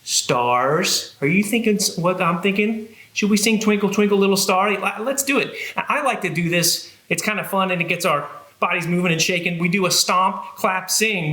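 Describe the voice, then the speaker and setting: A man's voice: sits high, expressive, moderate pace, hardly any pauses, sharp tone, roomy sound. A man who is a children's librarian, leading a cheerful sing-song music and movement session for young kids.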